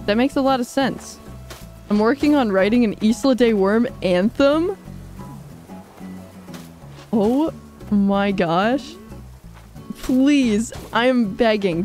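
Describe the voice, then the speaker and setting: Woman game streamer, bubbly and chatty, reads chat aloud, slightly higher voice. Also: darkish tone. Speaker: livestreamer. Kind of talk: casual livestream chat while playing.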